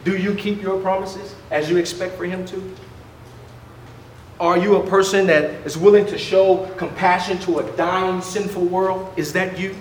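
A high-voiced male preacher delivers a fervent sermon full of rhetorical questions and stammered restarts. His voice rings around a roomy, echoey hall, with faint ambience underneath. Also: a little hiss or hum.

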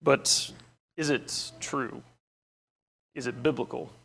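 A man's voice: mid-range voice, steady tone, slow pace, creaky, fairly bright tone, slightly rough. A man preaching a sermon, opening with a story and moving into earnest, emphatic teaching with scripture quotes.

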